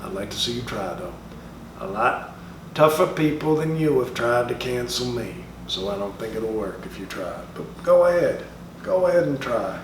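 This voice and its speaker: A man's voice: mid-range voice, slight background noise, natural voice. A man doing a comedic impression of a brash middle-aged comedian, who speaks to schoolchildren in a drawling, profane, taunting way. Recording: roomy sound from a distant mic.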